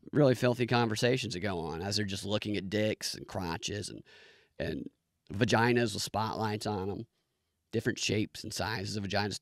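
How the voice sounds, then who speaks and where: A man's voice: no echo, clean studio sound. A man giving a comedic, profane rant reviewing a show. He swears freely, jumps between ideas and mimics the people he describes. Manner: profane, animated, mimics people in squeaky voices.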